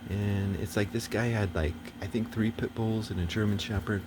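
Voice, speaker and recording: A man's voice: fairly low pitch, steady tone, normal speed, background noise. A man talking in a rambling casual monologue, swearing often and turning agitated and preachy.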